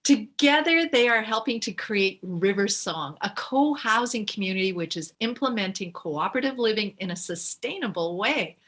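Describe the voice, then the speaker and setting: A woman's voice: mid-range voice, lively intonation, normal speed, hardly any pauses, fairly bright tone. A woman hosting a webinar over a video call, thanking a guest and introducing the next ones. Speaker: webinar host.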